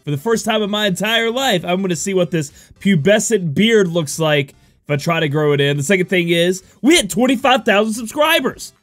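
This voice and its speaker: A man's voice: sits high, normal speed, no echo, soft background music. A young man with a sniffly cold, casually reviewing a mobile game, rambling with lots of fillers as he reads out ability text. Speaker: gaming YouTuber.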